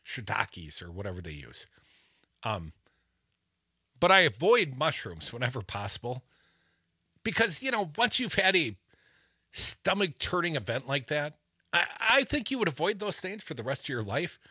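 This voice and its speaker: A man's voice: a little high, very animated, moderate pace, pauses often, bright, forceful tone, husky, no room sound, studio quality. A middle-aged man hosting a talk show, telling rambling, self-deprecating stories in casual chat.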